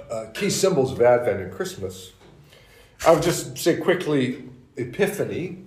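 A man gives an informal lecture at a breakfast gathering in a college hall. His voice sits a little low, and he explains in a relaxed way with restarts and small asides. The room audibly echoes around him.

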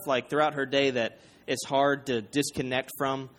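Animated man telling a story to a crowd. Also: mid-range voice, normal speed. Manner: animated storytelling with quoted voices and humor. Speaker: preacher. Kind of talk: storytelling sermon.

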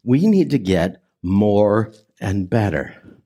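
Mellow-voiced pastor preaching a sermon. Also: male voice, fairly low pitch, wildly swooping pitch, a little slow, husky. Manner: emphatic, swings between loud and hushed delivery; conversational preaching with audience prompts.

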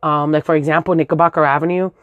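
Animated New woman telling a story. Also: low voice, quick pace, no room sound, muffled recording. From Brooklyn, New York. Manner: animated, profane, acts out voices in shrieks. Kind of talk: comic personal storytelling.

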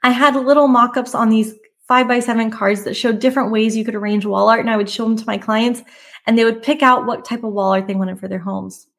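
A woman's voice: fairly high pitch, steady tone, a little fast. A woman host of a podcast for photographers, talking candidly and conversationally about her own path, with emphatic rises now and then. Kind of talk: personal storytelling monologue.

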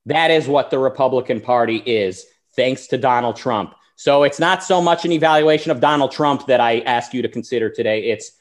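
A man's voice: mid-range voice, brisk, hardly any pauses. A man hosting a talk show, delivering an argumentative political monologue and acting out the people he quotes. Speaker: show host.

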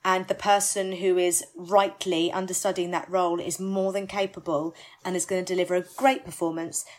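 A woman, a musical theatre actress, chatting candidly in an interview, animated and self-deprecating. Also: mid-range voice, a little hiss or hum. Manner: animated, self-deprecating, rushes words when excited.

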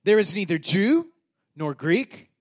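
Middle-aged guy preaching, kinda high voice, chatty then punches big lines. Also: sing-song, takes it slowly. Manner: conversational preaching with rising emphatic peaks. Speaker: pastor. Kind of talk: sermon.

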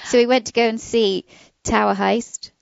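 A woman co-host talks enthusiastically, poking fun at herself, her slightly high voice full of gravelly fry. The sound is dry and close, with a somewhat dull top end. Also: fairly even intonation, normal speed, dry recording. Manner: warm, enthusiastic, self-deprecating humor. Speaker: co-host and pet expert. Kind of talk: casual chat.

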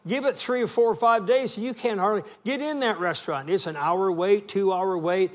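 A middle-aged man preaches with a folksy, storytelling warmth and draws the congregation into call and response. His voice sits a little higher than most men's. He keeps the sermon conversational and direct. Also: normal speed. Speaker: guest preacher.

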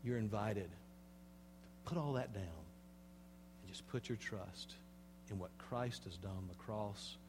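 A male pastor delivering a sermon, swinging between hushed, slow passages and loud, emphatic preaching, and speaking straight to the congregation with rhetorical questions. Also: on the low side, noisy background. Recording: long hall reverb.

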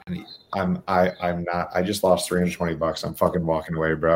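Deep-voiced man telling a profane story. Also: a little fast, slight background noise. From New England. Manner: animated, profane, acts out quotes. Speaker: guest. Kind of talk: casual storytelling.

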